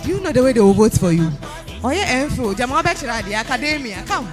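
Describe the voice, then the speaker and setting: A high-voiced Ghanaian woman hosts a live event. Her pitch leaps all over as she coaxes the audience to come forward. Faint music plays behind her voice. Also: quick pace. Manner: energetic, coaxing, repetitive calls to come up. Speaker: event host.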